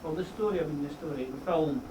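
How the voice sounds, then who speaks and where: A man's voice: fairly high pitch, fast. Hesitant man asking from the echoey hall. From Scotland. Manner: hesitant, stumbling over words. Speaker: audience member asking a question. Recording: distant, echoey hall with noise.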